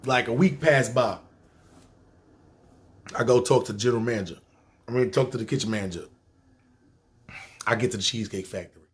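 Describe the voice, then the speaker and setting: Telling a lengthy story from his own life, this podcast host with a New York accent is streetwise, profane and casual, voicing other people's lines himself. He talks fairly quickly in a mid-range voice but leaves long pauses.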